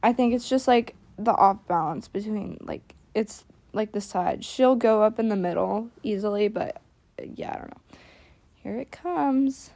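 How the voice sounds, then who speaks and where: A woman's voice: mid-range voice, a little slow, gravelly, warm tone, no echo. Chatty, self-critical young woman, dry close sound. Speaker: equestrian vlogger. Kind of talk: casual voice-over commentary.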